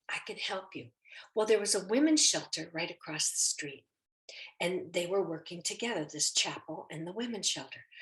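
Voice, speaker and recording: A woman shares a personal faith story with a lot of feeling. Her pitch swings widely as she acts out the people in it. She is recorded in an echoey room.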